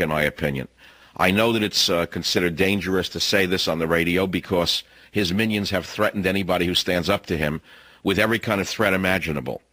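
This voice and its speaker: A man's voice: fairly low pitch, pushed and bright, dry recording. Emphatic male talk radio host, dry. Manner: emphatic, hammering repetition and rhetorical questions. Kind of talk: opinionated radio monologue. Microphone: studio microphone.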